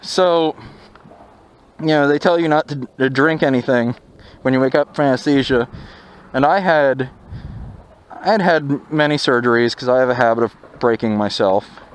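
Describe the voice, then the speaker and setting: Wind and passing vehicles are heard as a young motovlogger rides and recounts something personal, candid and a little wry. His mid-range voice is smooth and moderately paced.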